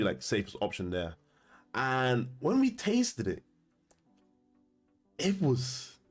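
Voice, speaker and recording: A man's voice: fairly high pitch, a little mellow. A man telling a story to camera in a casual, slangy way, often laughing. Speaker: commentator.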